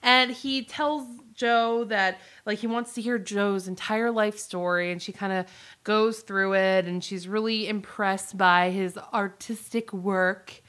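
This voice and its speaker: A woman's voice: medium pitch, slow pace. A woman co-hosting a podcast, retelling episode scenes in casual chat and acting out the characters' lines. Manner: animated storytelling, acts out characters' lines. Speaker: podcast co-host recapping a show.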